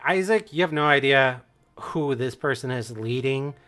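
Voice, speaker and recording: A man's voice: mid-range voice, moderate pace, a bit bright, soft background music. A man narrating a tabletop game as game master in a casual, loose way with fillers.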